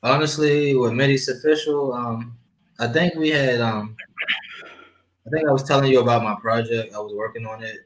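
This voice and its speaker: A man's voice: medium pitch, steady tone, normal speed, slight background noise, rough recording. A man who is a rapper and producer, a guest in a podcast interview, speaking in a thoughtful way with many fillers. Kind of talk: casual interview talk.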